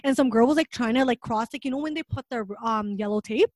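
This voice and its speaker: A young woman telling a story in casual chat, animated and full of fillers, acting out what people said. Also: fairly high pitch, fast talker, dry recording. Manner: animated storytelling with many fillers and acted-out quotes.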